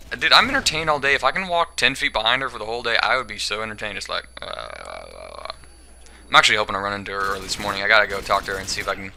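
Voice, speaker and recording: A man's voice: fairly low pitch, bright, forceful tone, slight background noise. Rambling, giggly young man commentating. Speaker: gaming commentator. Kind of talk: casual gameplay commentary.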